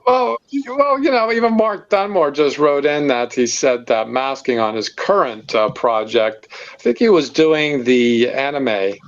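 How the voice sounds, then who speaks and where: A man hosting a casual online hobby hangout, talking in halting bursts full of fillers and easy laughter. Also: mid-range voice, lively intonation, muffled recording. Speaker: host of a modeling hangout. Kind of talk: casual video-call chat. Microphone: video call.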